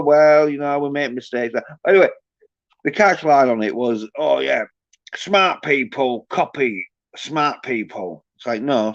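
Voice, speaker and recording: In a casual livestream rant, the male host reads out the chat with crude mockery. He has a mid-range voice with no room sound, captured in dull lo-fi stream audio.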